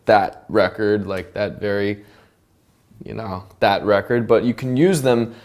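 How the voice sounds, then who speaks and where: A man's voice: on the low side, unhurried. A man casually explaining how he produced a pop song, often stopping to hum and mimic sounds. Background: his song's tracks playing loudly.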